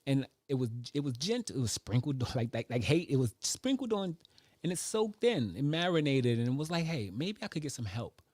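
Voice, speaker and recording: A man in his forties talking casually about school, an animated storyteller who acts out other people's voices. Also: medium pitch, moderate pace, no room sound, clean studio sound. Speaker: vlogger. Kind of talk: casual reflective monologue.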